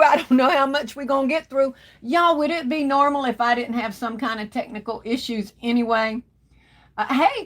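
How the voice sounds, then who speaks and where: Woman, livestream host, fairly high voice, easygoing chat full of endearments. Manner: warm Southern endearments, calls viewers baby and darling. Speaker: livestream host greeting viewers. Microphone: phone.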